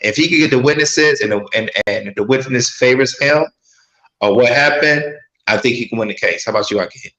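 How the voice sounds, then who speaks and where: A man on a casual talk show panel, speaking in a relaxed, halting way. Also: mid-range voice, highs cut off. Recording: echoey room.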